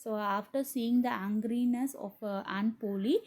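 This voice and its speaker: A woman's voice: fairly high pitch, moderate pace, warm tone. A woman English teacher with a Tamil accent, a Tamil speaker, explaining a story line by line and switching often into Tamil. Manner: switches often into Tamil, with many fillers and restarts.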